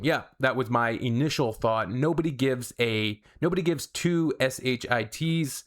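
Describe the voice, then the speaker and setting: A man's voice: mid-range voice, moderate pace, hardly any pauses. A man hosting a reaction channel, chatting casually with wry, sarcastic asides. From Canada.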